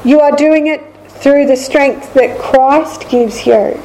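Behind a faint hum of room noise, a woman preacher delivers an unhurried, careful Bible teaching, going over each key line again. Her high, mellow, soft-edged voice keeps a fairly even intonation on a rough recording.

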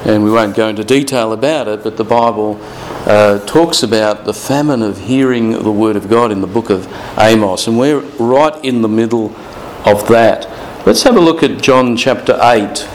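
A man preaching a morning sermon as pastor, reading scripture aloud with drawn-out, emphatic phrases. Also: on the low side, slight background noise, rough recording.

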